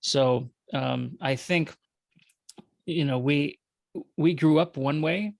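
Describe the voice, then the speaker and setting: Minnesota-accented man guest, gravelly, loose and jokey, dry recording. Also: on the high side, slow pace, no echo. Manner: rambling, self-correcting, joking. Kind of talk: conversational interview.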